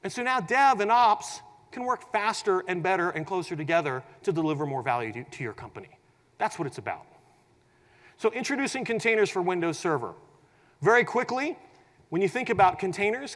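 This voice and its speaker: An energetic man presenting at a tech conference, his voice a touch higher than most. He livens the talk by acting out little scenes with quoted dialogue and dry humor. The sound carries a long reverb from a large hall. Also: fairly quick.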